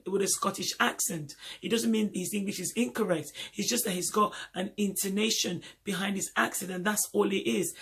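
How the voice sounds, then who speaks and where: Nigerian guy vlogging, husky kinda raspy voice, keeps repeating himself for emphasis. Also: high voice, a bit bright. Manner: emphatic, repeats points for stress. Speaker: vlogger host. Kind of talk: casual monologue.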